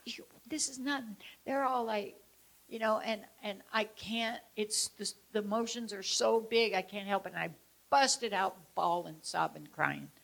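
A woman lecturing on traumatic memory, weaving in a story from her own life. Her pitch sits in an ordinary middle range, and she tells the story expressively. She swings between loud emphasis and quiet, hushed passages. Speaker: speaker teaching about traumatic memory. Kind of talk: personal story within a lecture.

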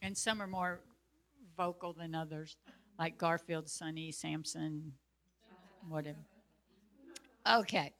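Bright, chatty woman. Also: deep voice, slow pace, pauses often. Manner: animated, chatty, laughs easily. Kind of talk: casual storytelling talk.

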